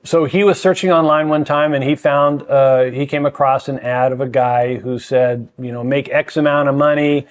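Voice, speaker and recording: An older man guesting on a podcast as a mentor, speaking in an earnest, measured, emphatic way. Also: medium pitch, steady tone. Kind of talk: reflective conversation.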